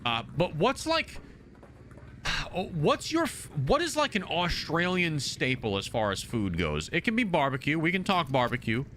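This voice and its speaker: A young American man chats with his stream audience in a brash, swearing, joking way. His voice sits fairly high and bounces around a lot. The tone is bright and forward. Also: huge pitch swings, moderate pace, hardly any pauses, a little hiss or hum. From United States. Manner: reads and answers chat aloud. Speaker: game streamer. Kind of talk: casual live-stream chat.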